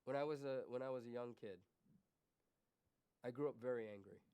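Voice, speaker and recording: Preaching in church, a pastor's clear, resonant, mid-range male voice moves briskly. He shifts from hushed, confessional asides to loud, emphatic questions put to the congregation.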